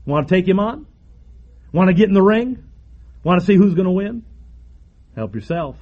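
A man preaching a sermon emphatically, with repeated phrases and dramatic pauses. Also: high-pitched, a little mellow, muffled recording.

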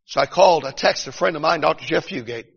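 A middle-aged man preaching a revival sermon, swinging between shouted peaks and hushed storytelling. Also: fairly high pitch, fast talker, gravelly, breathy edge. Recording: dull recording in a long-reverb hall.

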